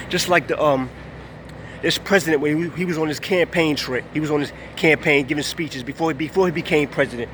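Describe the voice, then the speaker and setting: A man's voice: fairly high pitch, bright, forceful tone, a little hiss or hum. A man ranting casually to the camera, emphatic and repetitive, looping back to the same points. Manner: emphatic, repetitive, keeps saying "you know what I'm saying". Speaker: vlogger.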